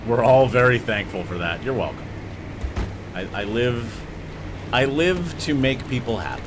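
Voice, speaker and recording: A man's voice: mid-range voice, expressive, a little slow, background noise. A man streaming a video game live, chatting loosely with viewers and swearing as he jokes around. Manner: loose, joking, profane. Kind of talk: livestream gaming banter.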